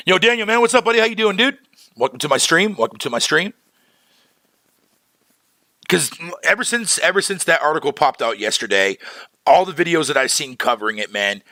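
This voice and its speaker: A man's voice: on the high side, bright, forceful tone, no echo. A man ranting casually on a livestream, heated and profane, full of slang, breaking off to greet viewers in chat. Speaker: streamer.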